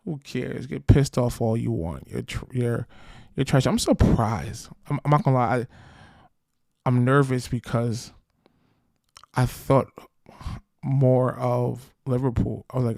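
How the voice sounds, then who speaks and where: A man's voice: medium pitch, a little slow, vocal fry, pauses often, darkish tone, no echo, clean studio sound. A man hosting a football podcast, talking in brash, slangy, trash-talking fan commentary.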